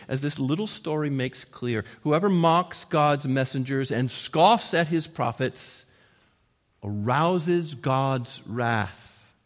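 A male preacher delivering a sermon in a church with a long, ringing reverb. He speaks earnestly at a middle pitch, pushing up for emphatic quotes and falling quiet at the close of each point. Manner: earnest, rising to emphatic quotes and dropping to hushed endings.

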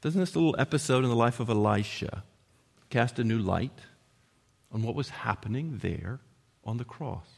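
A man's voice: mid-range voice, expressive, moderate pace, gravelly, breathy edge. Earnest male preacher in a reverberant hall. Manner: earnest, rising to emphatic quotes and dropping to hushed endings. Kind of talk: sermon.

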